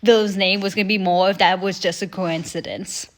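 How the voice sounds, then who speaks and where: A woman's voice: mid-range voice, steady tone, fairly quick. A young woman hosting a reaction video, chatting animatedly and swearing casually. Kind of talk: casual chat.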